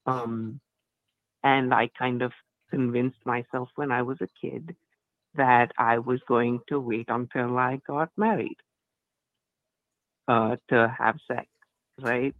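A man's voice: mid-range voice, steady tone, slow, long pauses, no echo. A man calling in to a show, nervous and stammering as he explains his background. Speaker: caller. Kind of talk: casual call-in chat. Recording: tinny phone line.

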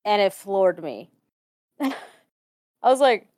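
Speaking slowly with long pauses at a medium pitch, a guest from Ohio casually relates a spooky personal tale. She laughs a lot and brings quoted people to life with their own voices, all captured in a dry, clean studio recording.

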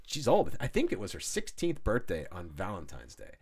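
A man hosting a podcast in casual chat, telling stories in a lively way and acting out the people in them. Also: low-pitched, moderate pace, husky. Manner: lively storyteller who acts out quoted voices. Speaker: podcast host.

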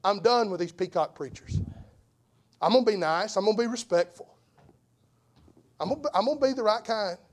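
A man preaching an impassioned sermon as an evangelist, repeating phrases for emphasis and swinging from hushed tones to shouts. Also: high-pitched, moderate pace, pauses often.

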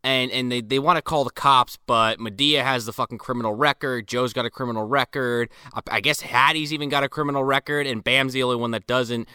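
A man casually retelling movie scenes with friends, animated and profane. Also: mid-range voice, a little fast, hardly any pauses, smooth, dry recording, clean studio sound. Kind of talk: casual movie recap chat.

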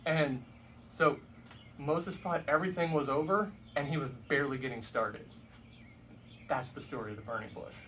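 Male Bible storyteller, casual and wry, fairly high voice, distant mic. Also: normal speed, pauses often, sharp tone. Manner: conversational and humorous, with asides. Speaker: Bible teacher. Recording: distant mic with faint background noise.

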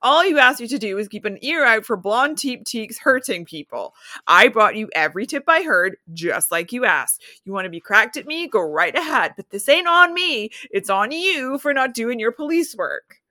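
A woman voicing a gruff, exasperated male street informant who scolds bluntly. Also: fairly high pitch, sing-song, moderate pace, sharp tone, no echo, studio quality. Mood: scolding.

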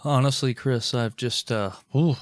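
A man's voice: medium pitch, steady tone, a little slow, no echo, clean studio sound. A man hosting a podcast, goofy and tipsy, joking around with his co-host. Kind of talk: casual podcast banter.

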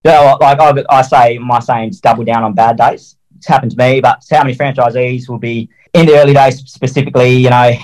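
A man's voice: mid-range voice, a little mellow, low-quality recording. A man telling a work story as an interview guest, blunt and colloquial, swearing freely and acting out little quotes. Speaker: interview guest, mowing franchisee.

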